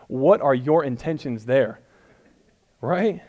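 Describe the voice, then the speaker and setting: A male pastor gives a relaxed, conversational sermon with a self-deprecating streak. He stays loose and chatty, then presses his points home with rising emphasis. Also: medium pitch, normal speed, dull audio. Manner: casual, self-deprecating, builds to emphatic peaks. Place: church room before a congregation.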